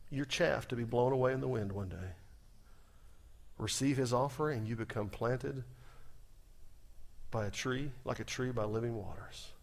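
A middle-aged man delivering a sermon in a conversational way, with a voice pitched a little above the usual for a man. He leans on rhetorical questions, pushes key words up and lets phrase endings sink low and soft. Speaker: pastor.

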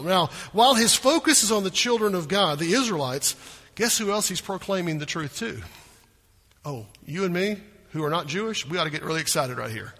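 A man preaching a sermon as pastor, animated, acting out the people in the story. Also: high voice, slightly rough, big-room sound.

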